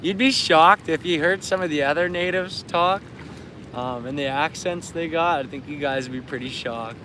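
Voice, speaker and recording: A man's voice: on the high side, normal speed, noisy background. Chatty Canadian man fishing outdoors. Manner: chatty, laughs often, tells anecdotes. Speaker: livestream host. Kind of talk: casual live-stream chat. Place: outdoors by a river while fishing.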